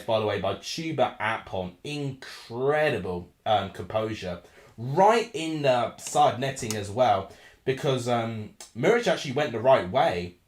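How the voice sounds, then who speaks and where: A man hosting a live football watchalong, excitable and flustered, swinging between ranting and calm analysis over a desk microphone. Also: medium pitch, reverberant. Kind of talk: live match commentary and chat.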